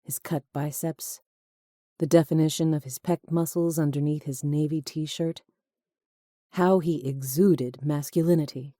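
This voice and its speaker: A woman narrating a romance audiobook in a measured, even storytelling manner. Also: low-pitched, no room sound, studio quality. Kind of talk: scripted narration.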